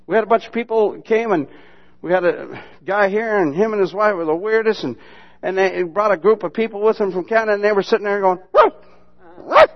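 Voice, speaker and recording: A man preaching with folksy, teasing humor, his voice sitting a bit high for a man. The sermon recording sounds dull and lo-fi. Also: fairly quick. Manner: folksy, mocking humor with sudden loud imitations. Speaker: pastor.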